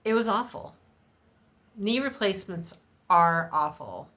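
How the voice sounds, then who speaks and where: A woman's voice: expressive, measured pace, a bit bright. A middle-aged woman talking candidly and rambling in a personal vlog, with fillers and the odd swear word. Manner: acts out other people's lines in a much higher voice. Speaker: vlogger. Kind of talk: unscripted personal vlog chat.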